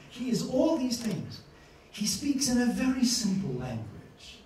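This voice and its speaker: In an echoey university lecture hall, caught on a distant mic, an animated man delivers a lively master-class lecture. He speaks in a high voice at a slow pace with frequent pauses, acting out scenes as he tells stories and laughing often.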